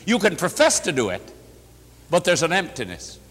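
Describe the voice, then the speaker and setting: A man's voice: fairly high pitch, wildly swooping pitch, normal speed, fairly bright tone, breathy edge, long reverb tail. A man preaching a sermon, telling a story with emphatic, pleading delivery. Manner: emphatic, rising to impassioned pleading.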